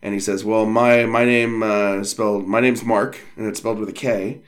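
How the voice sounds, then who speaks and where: A man's voice: lowish voice, steady tone, normal speed. A man co-hosting a podcast, talking casually with many fillers and reading passages aloud. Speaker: podcast co-host. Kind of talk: casual chat.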